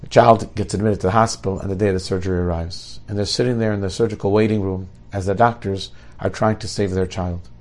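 A middle-aged man telling a story in an animated, lively way. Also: low-pitched, quick pace, hardly any pauses. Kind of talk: oral storytelling.

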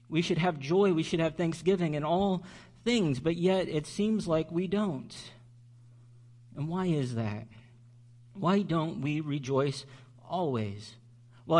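A man preaching a sermon as pastor, earnest and slowing down on key words for emphasis. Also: fairly high pitch, darkish tone.

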